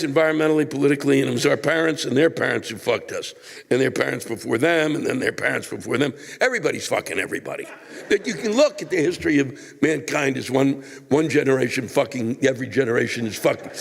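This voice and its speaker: Profane ranting older man, gravelly voice. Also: mid-range voice, big-room sound, a little hiss or hum. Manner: ranting, profane, exasperated outbursts. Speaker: comedian. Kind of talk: stand-up rant answering a viewer letter.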